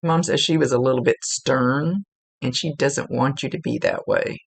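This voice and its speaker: Psychic medium, woman, earnest and chatty, gravelly voice, dry close sound. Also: rumbling low, moderate pace, no echo. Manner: earnest, chatty, repeats for emphasis. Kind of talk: spirit reading, relaying messages.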